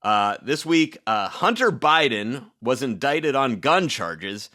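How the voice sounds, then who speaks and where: A man co-hosting a comedy podcast, reading topical joke headlines and riffing with quick wordplay. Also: mid-range voice, sing-song, sharp tone. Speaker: podcast co-host.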